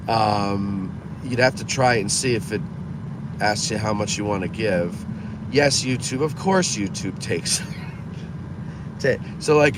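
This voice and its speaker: A man hosting a casual live stream from his car, reading viewer comments aloud and chatting back. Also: on the low side. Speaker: host reading live chat. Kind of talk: casual live-stream chat while driving. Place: inside a car in town. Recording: clear traffic noise from a moving car. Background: car and street noise.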